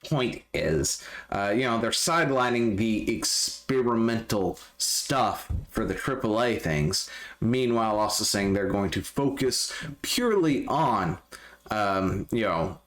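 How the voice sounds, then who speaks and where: A man talks through gaming news in a casual, unscripted way. His voice sits fairly low, and he rambles, filling gaps with ums and fixing his own slips as he goes. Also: lively intonation, unhurried, fairly bright tone. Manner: rambling, full of fillers and self-corrections. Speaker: gaming news channel host.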